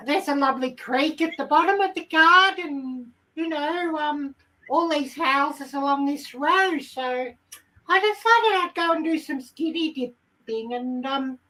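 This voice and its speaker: Giddy rambling hen, voiced by a woman, high and bright, slow-talking, lots of ums. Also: recorded from a distance, full character voice, poor audio. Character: excitable chatty female hen. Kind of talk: comic character monologue.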